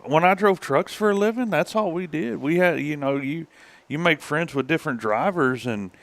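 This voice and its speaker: A man's voice: a little high, normal speed, fairly bright tone, no room sound. A man, a guest on a talk show, speaking easygoing with frequent restarts. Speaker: guest, funeral director. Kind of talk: casual interview chat.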